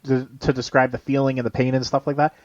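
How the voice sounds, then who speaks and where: A man co-hosting a podcast in casual chat, halting and full of fillers and restarts. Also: mid-range voice, level tone, dry recording, lo-fi sound. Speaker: podcast co-host.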